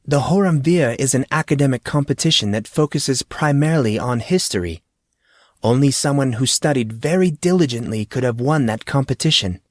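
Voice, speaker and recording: A man's voice: mid-range voice, expressive, normal speed, dry recording, clean studio sound, voice pushed up, lightly acted. A man reading audiobook dialogue as a formal, courteous male history teacher who speaks precisely and is amused. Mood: explaining.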